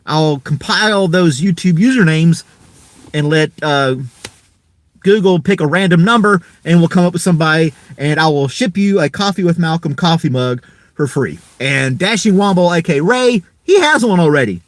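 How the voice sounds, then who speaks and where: A man's voice: on the high side, animated, normal speed, no echo. A man hosting a casual live stream, rambling in an easygoing way and chuckling often.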